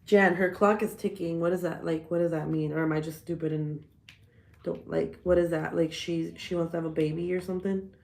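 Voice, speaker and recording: A woman chats casually on a livestream, telling stories in a profane, animated way. Her voice is lowish with a gravelly edge. The sound is echoey, as if she is in a bare room. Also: a little fast. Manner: profane, animated storytelling, laughs often. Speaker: livestream host.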